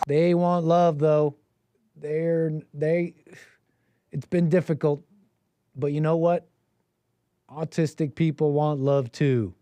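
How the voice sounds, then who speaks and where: A man's voice: a little high, steady tone, takes it slowly, long pauses, mellow, clean tone, no room sound. A man hosting a call-in show, rambling in casual commentary with a mocking tone and frequent restarts.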